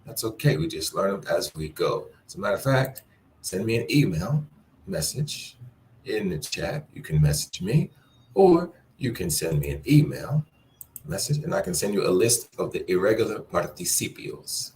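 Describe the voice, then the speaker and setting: A man teaching a Spanish class, explaining grammar and repeating words slowly for learners to echo. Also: on the low side, big pitch swings, darkish tone, slight background noise.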